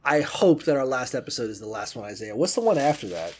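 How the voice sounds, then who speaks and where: A man's voice: medium pitch, very animated, a little fast, few pauses, a little mellow. A man co-hosting a casual comedy podcast, rambling and irreverent as he talks things over. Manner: rambling, irreverent, slips into mock voices. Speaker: podcast co-host.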